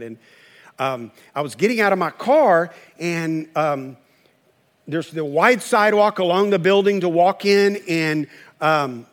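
A man preaching a sermon in a conversational way, acting out quoted voices. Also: high voice. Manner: conversational preaching, acts out quoted voices, chuckles at own stories. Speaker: pastor.

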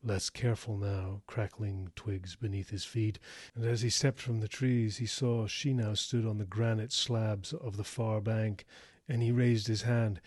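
A man reads a story aloud in a low, slightly husky voice, steady and measured. The recording is close and dry, with no room sound. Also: dry recording. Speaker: narrator. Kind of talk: audiobook narration.

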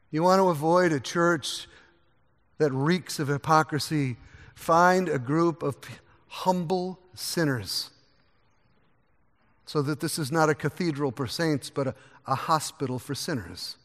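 A man preaching a sermon from the pulpit, earnest and varied, quieter during prayer. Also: a little high. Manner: earnest, varies pace, drops to a soft voice in prayer. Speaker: pastor. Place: church sanctuary. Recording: long echo of a large church hall.

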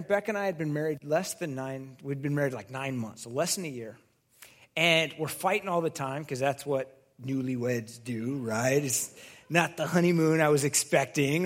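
A man with a somewhat high voice preaches a sermon to his church. He speaks conversationally and tells stories, putting on other people's voices and building to loud moments. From California. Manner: conversational storytelling, acts out voices and grows loud in anecdotes. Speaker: pastor.

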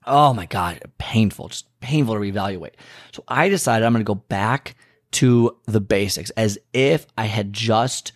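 A man's voice: on the low side, a little slow, no room sound, studio quality. A man hosting a podcast, talking frankly and animatedly in a casual monologue, venting his frustration with lots of restarts. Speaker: podcast host.

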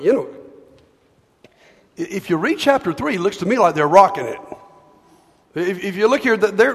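A man preaching a sermon in a church, talking conversationally with repeated words and reading scripture slowly. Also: sits high. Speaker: pastor. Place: church hall. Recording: long hall reverb.

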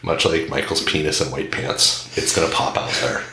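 A man's voice: very deep voice, steady tone, normal speed, sharp tone. A man hosting a podcast and telling a rambling, irreverent comedic story. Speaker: podcast host. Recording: echoey room.

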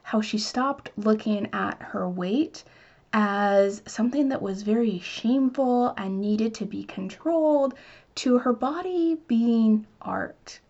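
A woman's voice: on the high side, takes it slowly, darkish tone, muffled recording. A woman hosting a podcast, reading a scripted intro and then welcoming her guest in an upbeat, enthusiastic way. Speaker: podcast host.

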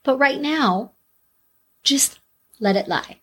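A woman's voice: sits high, animated, slow, fairly bright tone. A woman co-hosting a true-crime podcast, talking bluntly in casual chat and swearing freely. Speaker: podcast co-host.

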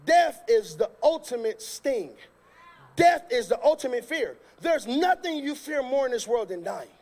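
Very high-voiced joking male preacher. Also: a little slow. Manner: lively, joking, colloquial and loud at times. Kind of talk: sermon with comic storytelling.

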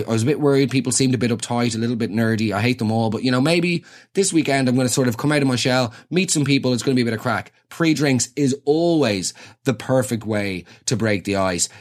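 Irish guy ranting a comedy bit, fast and swearing, voice right in the middle. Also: medium pitch. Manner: rapid, sweary, exaggerated rants. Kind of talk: comedic storytelling monologue.

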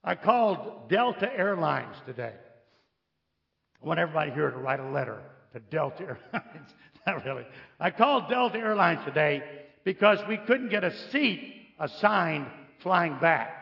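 A man's voice: on the high side, moderate pace, vocal fry, highs cut off. A man preaching a sermon, telling stories with humor and asking the congregation questions. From United States. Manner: animated storytelling, jokes and questions to the congregation. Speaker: visiting preacher.

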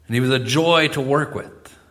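Bright-voiced male pastor preaching. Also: mid-range voice, moderate pace. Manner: emphatic preaching, swinging between loud exclamations and soft asides. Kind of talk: sermon. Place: church sanctuary.

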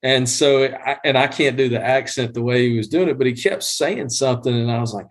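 A man's voice: mid-range voice, brisk. A man chatting casually as a podcast guest, telling a story with many restarts and fillers. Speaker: guest groundskeeper. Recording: livestreamed podcast.

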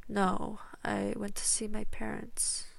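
Brief: woman reading sullen potions master, slow, gravelly, dry booth. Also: mid-range voice, monotone, dry recording, full character voice. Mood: guarded. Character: brooding adult male potions master in therapy. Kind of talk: audiobook fan fiction reading.

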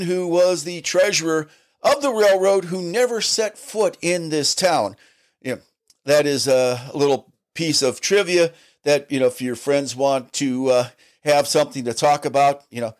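A middle-aged man hosting a small local podcast, talking in a folksy, rambling way and reading sponsor plugs like casual chat. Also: fairly high pitch. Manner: folksy and rambling, leaning on "you know"; reads sponsor plugs in a chatty way. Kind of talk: casual solo podcast talk.

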